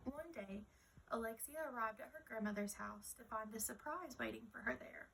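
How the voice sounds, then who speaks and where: Woman storyteller, fairly high, gravelly voice, soft reading of a children's tale. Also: moderate pace, a little hiss or hum.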